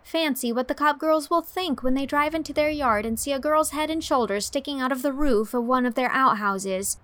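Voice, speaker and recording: A woman's voice: high voice, normal speed, fairly bright tone, pitched above the performer's own voice. A woman voicing an imaginative, talkative teenage heroine who gushes dramatically. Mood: dramatic. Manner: effusive, dramatic.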